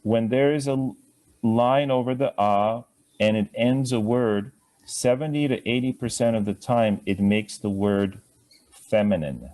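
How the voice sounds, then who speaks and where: A man's voice: mid-range voice, measured pace, darkish tone. A man teaching a live Sanskrit class, chatty and asking students to repeat sounds after him.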